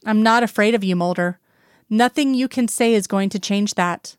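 A woman reading the lines of a calm female FBI agent who speaks evenly, with quiet certainty. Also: mid-range voice, moderate pace, smooth, no echo, clean studio sound, natural voice. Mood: controlled.

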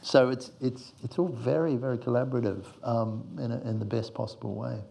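A man's voice: medium pitch, fairly even intonation, fairly quick, vocal fry, warm tone. A male screenwriter giving reflective, meandering interview answers, fond of analogies.

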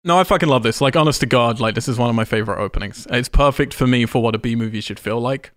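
A man's voice: medium pitch, quick pace, a bit bright, no echo, clean studio sound. A man hosting a casual film discussion, enthusiastic and freely swearing as he breaks down scenes. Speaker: podcast host.

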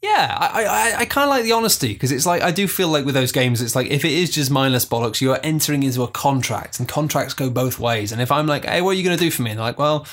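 A man co-hosting a gaming podcast in animated casual chat, full of fillers and quick put-on voices. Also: fairly high pitch. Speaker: podcast co-host. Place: indoors, seated close to co-host.

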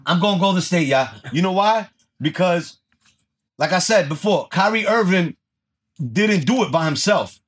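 A man co-hosting a podcast in casual chat, loud and profane, slipping Spanish slang into his talk. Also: sits high, expressive, a little slow, slightly rough. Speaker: podcast co-host.

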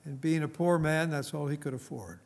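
A man's voice: fairly high pitch, brisk, vocal fry. A man preaching a sermon who tells an illustration story and then drives its message home.

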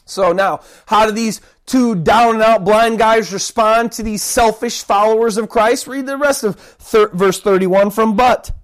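Preacher, sermon, conversational, dramatic shouted pleas, rambling restarts. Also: medium pitch, unhurried, hardly any pauses. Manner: dramatic, acts out the cries of those he preaches about.

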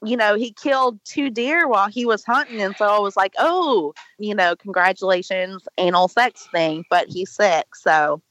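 A woman co-hosting a call-in podcast, loud and profane with constant banter. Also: medium pitch, normal speed, hardly any pauses, no room sound, low-quality recording.

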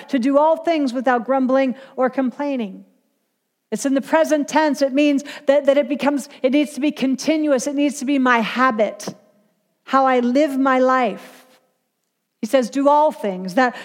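High-voiced woman teaching Scripture. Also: long reverb tail. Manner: earnest, confessional, word-by-word explanation. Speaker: Bible teacher. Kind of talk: devotional Bible teaching.

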